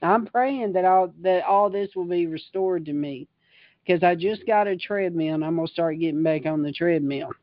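A woman's voice: fairly low pitch, normal speed, no echo, lo-fi sound. A woman preaching an informal livestream sermon, fervent and emphatic, reading scripture and riffing on it. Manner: fervent and emphatic, reads scripture then riffs on it.

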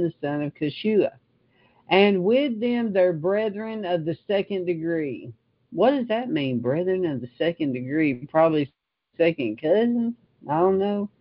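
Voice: mid-range voice, dry recording, lo-fi sound. An older Bible teacher reading scripture aloud and stopping often for heartfelt asides.

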